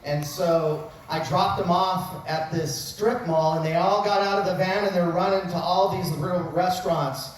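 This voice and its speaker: A man in his fifties, a wrestling coach, telling funny self-mocking stories in an after-dinner speech. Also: high voice. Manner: joking storyteller with self-mocking asides. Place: large banquet hall at a dinner event. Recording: very echoey hall recorded from far off, faint noise.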